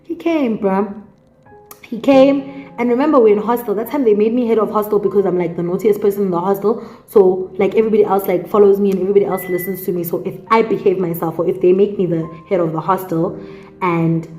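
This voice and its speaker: A woman's voice: mid-range voice, fairly even intonation, fast talker, warm tone. Young South African woman, casual storytime, talkative, slips into Zulu, echoey room, faint music. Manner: chatty, mixes in Zulu phrases, many fillers. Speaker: YouTuber.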